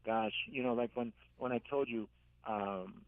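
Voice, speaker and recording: An older man, an author and caregiver, telling gentle stories in a radio interview, halting and repeating words as he speaks. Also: mid-range voice, steady tone, no echo. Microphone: phone. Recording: tinny dry phone line.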